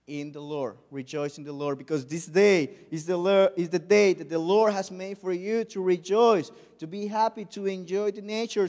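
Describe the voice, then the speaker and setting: A man with a high voice delivers a sermon, telling a story with playful sound effects and bursts of laughter. His carries a lilt. The sound rings with the long reverb of a church hall. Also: a little mellow. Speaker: preacher.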